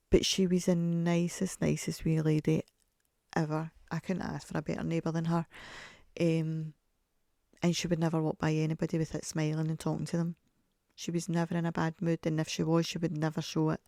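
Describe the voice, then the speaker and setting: A middle-aged woman chats on her solo podcast in a deep, gravelly, warm voice. She's a chatty storyteller who laughs often and acts out the voices of people she quotes. The studio-quality recording has no echo.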